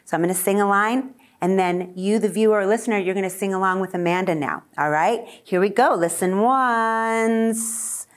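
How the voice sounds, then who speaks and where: A woman's voice: mid-range voice, fast, few pauses. A woman teaching a singing lesson, singing short lines for a student to echo and coaching with encouragement between them.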